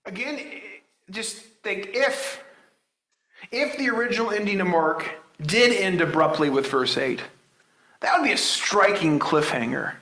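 Male pastor, high and bright, chatty sermon delivery, in an echoey room. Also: animated, measured pace. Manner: conversational, with many restarts and rhetorical questions.

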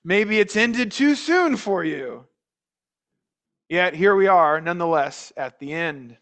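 A man preaching a sermon as pastor, speaking in a measured way with frequent restarts, repeated words and rhetorical questions to the congregation. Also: high voice, lively intonation, fairly bright tone.

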